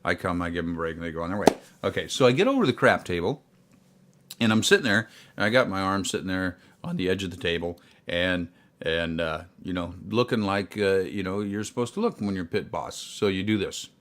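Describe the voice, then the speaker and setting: Low-voiced rambling storyteller man. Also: animated, a little fast, a bit bright. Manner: rambling, filler-heavy anecdote. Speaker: casino pit boss. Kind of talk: casual storytelling vlog.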